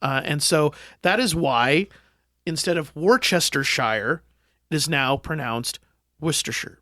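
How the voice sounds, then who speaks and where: A man co-hosting a comedy podcast, spinning a made-up history lesson with deadpan, mock-scholarly delivery and lots of ums. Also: a little high, measured pace, dry recording, clean studio sound. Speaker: podcast co-host. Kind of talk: casual banter, tall-tale explanation.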